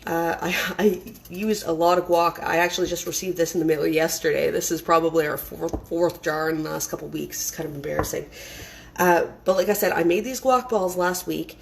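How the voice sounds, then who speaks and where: A woman's voice: lowish voice, fairly even intonation, fairly quick, vocal fry, low-quality recording. A woman giving a casual, rambling cooking demonstration in her home kitchen, chatting as she works with lots of fillers and restarts.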